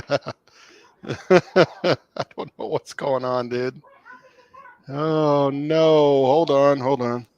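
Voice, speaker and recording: A man's voice: medium pitch, steady tone, drawn-out words, long pauses, darkish tone, no echo, lo-fi sound. A man hosting a casual cooking livestream, rambling and chuckling as he chats with viewers. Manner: laid-back, rambling, chuckling often. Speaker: cooking channel host on a livestream.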